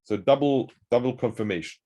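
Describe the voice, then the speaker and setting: A man's voice: mid-range voice, brisk, mellow. A man hosting a conversation, explaining ideas in a thoughtful, searching way. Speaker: host. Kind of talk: conversational discussion.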